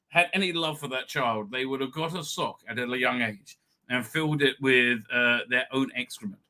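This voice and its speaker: A man's voice: a little high, creaky, pushed and bright. A man hosting a livestream, ranting in a heated, profane way. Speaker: host. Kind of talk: livestream commentary.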